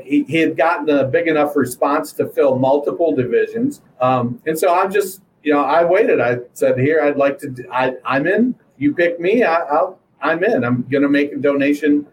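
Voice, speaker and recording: A man's voice: fairly high pitch, slight background noise, rough recording. A middle-aged man telling a long story in casual chat, rambling with fillers and restarts. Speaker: guest.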